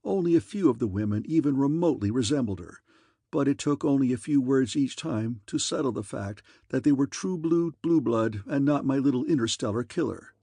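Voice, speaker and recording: Male audiobook narrator, wry easygoing storytelling, dry close recording, husky. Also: medium pitch, expressive, brisk, mellow, no room sound. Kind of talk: scripted first-person audiobook narration.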